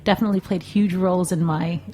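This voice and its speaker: Casting: lower-pitched woman host, effusive and grateful, casual radio chat. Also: steady tone, fast talker, mellow. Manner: effusive, thankful. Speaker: podcast host.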